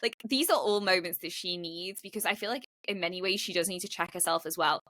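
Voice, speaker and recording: A woman's voice: fairly low pitch, fast, fairly bright tone. A woman co-hosting a podcast in casual chat, talking in a chatty way with lots of "like" fillers and frequent laughs. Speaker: podcast co-host.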